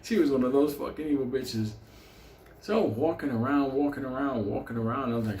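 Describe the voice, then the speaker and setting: Foul-mouthed New raconteur, mid-pitched, rambling and laughing, roomy echo with faint ambience. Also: male voice, fast talker, a little mellow, a little hiss or hum. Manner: profane, rambling, laughs through the telling. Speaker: storyteller. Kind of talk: comic storytelling.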